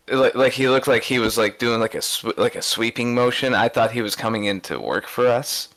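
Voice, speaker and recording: A man's voice: mid-range voice, fairly quick, few pauses, a bit bright, rough recording. A man co-hosting a podcast, telling casual stories with lots of restarts and fillers. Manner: rambling anecdotal storytelling with many restarts. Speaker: podcast co-host. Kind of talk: casual chat.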